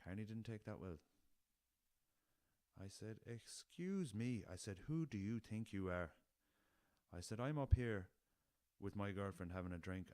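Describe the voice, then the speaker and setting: A man's voice: low voice, darkish tone, clean tone, dry recording. An Irish man hosting a podcast, rambling through a story in casual talk, swearing freely and calling his listeners lads. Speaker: podcast host. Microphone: podcast recorder with laptop.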